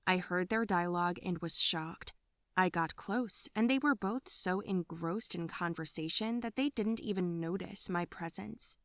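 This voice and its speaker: A woman narrating an animated story in the first person, telling it in a confessional way from a close studio mic. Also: lowish voice, measured pace, dry recording.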